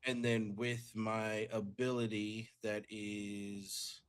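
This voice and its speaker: A man playing a tabletop game, talking casually and telling stories in an animated way, often laughing. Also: lowish voice, slow pace, smooth.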